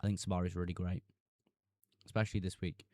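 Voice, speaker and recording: Casual streamer man, low mellow voice. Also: level tone, dry recording, studio quality. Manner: reads chat messages aloud and answers quickly. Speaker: streamer answering chat. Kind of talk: casual live stream chat.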